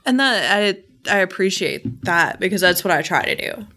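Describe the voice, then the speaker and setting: A woman's voice: fairly low pitch, expressive, moderate pace, pushed and bright. A woman with a Southern country accent, chatting casually as a guest on a podcast recorded at a distillery and laughing easily. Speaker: whiskey blender guest. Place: distillery office.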